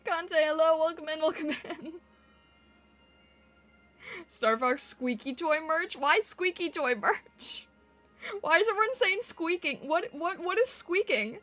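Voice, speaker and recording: A woman streamer chats with her viewers in a high, bright voice. She giggles a lot and squeaks when she laughs or yells. Faint music plays behind her. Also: expressive, unhurried, long pauses. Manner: giggly, chatty, reading chat aloud. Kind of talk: casual live-stream chat.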